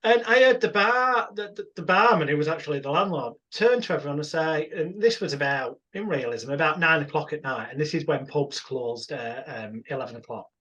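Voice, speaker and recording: A man's voice: a little high, expressive, brisk, hardly any pauses, sharp tone, muffled recording. A man, a hypnosis instructor casually telling a rambling anecdote. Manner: rambling, self-interrupting storyteller.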